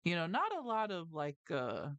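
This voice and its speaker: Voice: medium pitch, wildly swooping pitch, moderate pace, fairly bright tone, clear, resonant tone, no room sound. Mumbly, rambling livestream host, around thirty. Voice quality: round, mouthful, mumbled articulation. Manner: tangent-prone, self-correcting, frequent "like" and "you know". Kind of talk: casual rambling chat. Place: lives in New Jersey.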